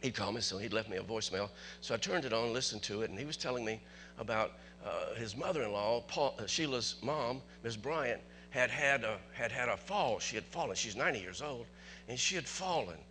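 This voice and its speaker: Bright-voiced man preaching a story sermon. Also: medium pitch, fairly quick, slight background noise. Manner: conversational, builds to excited preaching. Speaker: pastor.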